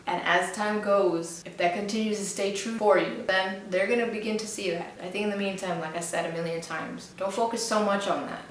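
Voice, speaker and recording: Female advice vlogger, earnest and encouraging, mid-pitched voice, recorded off-mic in a boomy room. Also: very echoey, recorded from a distance, slight background noise, rough recording. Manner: earnest, encouraging, repeats phrases for emphasis. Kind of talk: heartfelt advice monologue to camera.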